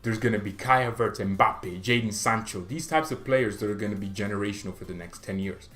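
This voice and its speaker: A man's voice: on the low side, a little fast, fairly bright tone, faint music behind. Opinionated young man rambling about football. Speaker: fan channel host. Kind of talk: casual football commentary monologue.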